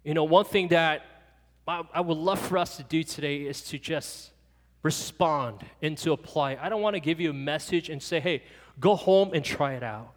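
A man's voice: on the high side, moderate pace. A man preaching a sermon as pastor, earnest and pleading, leading the church in prayer. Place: church hall. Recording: long reverb with soft guitar music behind.

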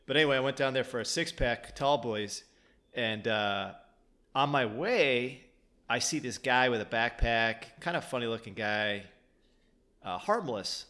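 A man's voice: medium pitch, bright, forceful tone. Male co-host, loose rambling storyteller, swears freely, stumbles and restarts. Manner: rambling, many restarts, profane. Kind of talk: casual chat, storytelling.

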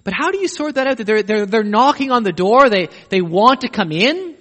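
Male preacher, high and emphatic, sermon delivery, long hall reverb. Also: very animated, fairly quick, a bit bright. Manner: emphatic, pleading questions to the listener.

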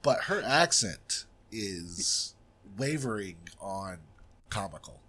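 A man with a husky, slightly rough voice talks through a film in a relaxed podcast chat. He is blunt and opinionated. His lines land with plain frankness. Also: on the low side, takes it slowly. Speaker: podcast co-host reviewing films. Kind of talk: casual chat.

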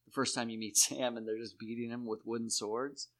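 A man talking in rambling, profane casual chat, jumping into high put-on voices to act out scenes. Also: a little fast. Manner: animated, acts out characters in high put-on voices. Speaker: podcast co-host.

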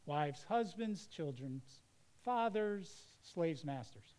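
A man's voice: on the high side, expressive, slow, darkish tone, rough recording. A middle-aged male pastor preaching a sermon in an earnest, conversational way.

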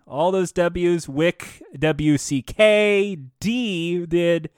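A man co-hosting a casual podcast chat, animated and laughing often, sometimes slipping into a mock game-show announcer voice. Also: high voice, very slow, hardly any pauses, smooth, no room sound, clean studio sound. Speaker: podcast co-host.

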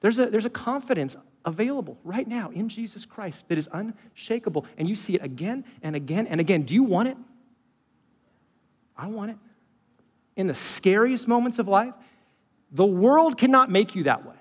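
Man, pastor, high pitch, emphatic, loud to hushed, long hall reverb. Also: animated, normal speed, husky. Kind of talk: sermon.

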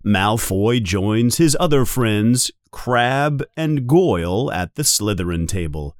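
Man reading a storybook, lively pitch, slow unhurried pace, dry close sound. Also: no echo. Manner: expressive, with high shouted character calls. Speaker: narrator.

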